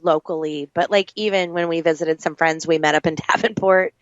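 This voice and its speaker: A woman with hiccups co-hosting a casual radio chat, animated and quick to agree. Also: deep voice, dry recording, muffled recording. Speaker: radio show co-host. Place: restaurant lounge.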